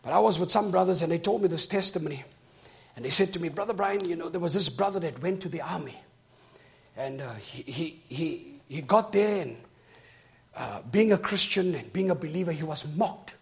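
A man preaching a sermon. He tells a story and then builds to shouted, rhythmic preaching. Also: fairly high pitch, animated, brisk, gravelly.

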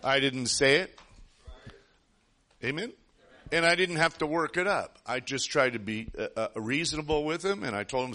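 A man's voice: a little high, normal speed, long pauses, sharp tone. A man preaching a sermon, telling a personal story in an earnest, rambling way with frequent restarts.

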